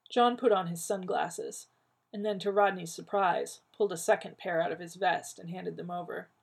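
A woman narrating a work of fiction at a steady, even pace in a husky, gravelly voice. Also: fairly low pitch. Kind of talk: audiobook reading of fiction.

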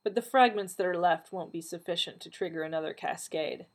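A woman voicing the Doctor, a weary, dry-witted alien time traveller man, speaking gently in a lowish, husky voice. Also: a little fast.

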